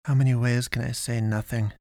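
A man voicing a cold, deadpan young woman who guides the dead, speaking flatly and firmly. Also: medium pitch, noisy background, close to an everyday voice. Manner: flat, curt, slow and firm.

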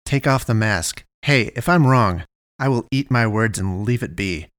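A man's voice: on the low side, animated, moderate pace, fairly bright tone, no echo. A man voicing an angry, suspicious middle-aged father who growls his demands. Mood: demanding.

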